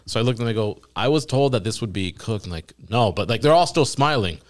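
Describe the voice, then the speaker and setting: A man's voice: mid-range voice, quick pace. A young man casually telling a long funny story on a podcast, acting out the voices of the people in it and laughing at times. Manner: animated storyteller quoting voices, laughing at his own story. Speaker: podcast guest.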